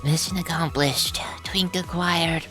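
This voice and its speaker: A woman putting on a young man's voice, speaking low and grainy from the chest as she tests voice placement. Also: fairly even intonation, slow pace, fairly bright tone, soft background music. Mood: whispered. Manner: experimental, trying out voice placements.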